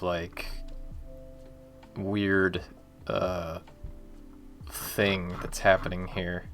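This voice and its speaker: A man's voice: on the low side, gravelly. A man, an indie game developer, chatting casually and self-deprecatingly while working on a live stream, laughing often.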